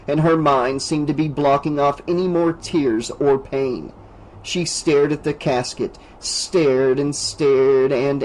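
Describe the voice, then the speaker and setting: Higher-voiced man reading a horror audiobook. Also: low-quality recording. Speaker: audiobook narrator. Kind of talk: scripted narration.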